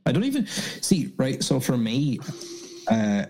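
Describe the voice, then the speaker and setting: A man's voice: medium pitch, wildly swooping pitch, measured pace, a little mellow, slight background noise, low-quality recording. A man co-hosting a podcast, talking in a rambling, casual way with restarts and crude jokes. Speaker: podcast co-host. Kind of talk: casual chat.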